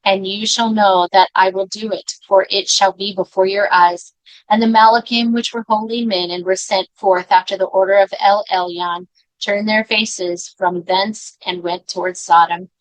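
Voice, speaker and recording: A woman reading scripture aloud in a measured way, now and then breaking off for quiet personal comments. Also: medium pitch, fairly even intonation, dry recording, low-quality recording. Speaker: scripture reader.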